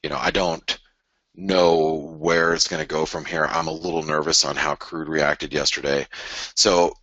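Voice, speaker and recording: Man, forex show host, deep voice, bright forceful tone, restarts sentences, chart analysis. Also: measured pace, no room sound, highs cut off. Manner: animated, restarts sentences, argues with imagined viewers. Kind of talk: live trading chart analysis.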